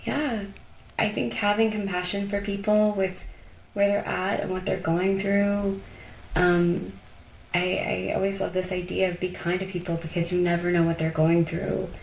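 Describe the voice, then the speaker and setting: A woman's voice: lowish voice, level tone, moderate pace, vocal fry, a little hiss or hum. A woman from Colorado, a podcast guest, telling personal stories in a reflective, heartfelt way with lots of casual fillers. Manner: reflective, heartfelt, many "like" and "you know" fillers. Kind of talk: casual conversational storytelling. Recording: echoey room.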